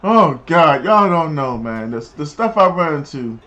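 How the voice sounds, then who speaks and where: A man streaming a football video game, chatting casually and telling stories in an animated, slangy way. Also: fairly high pitch, measured pace, muffled recording, faint music behind. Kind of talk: casual live-stream chat while gaming.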